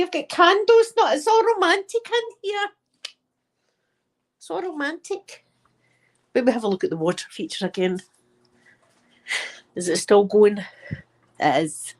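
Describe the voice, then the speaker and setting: A woman's voice: medium pitch, big pitch swings, moderate pace, pauses often. A woman with a Scottish accent chatting casually with her viewers from her living room, telling stories and laughing often. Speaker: live chat host.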